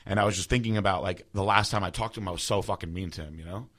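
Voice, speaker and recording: A man's voice: low voice, racing, a bit bright. A man in his thirties telling a personal story in a casual, rambling way, full of fillers. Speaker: podcast host.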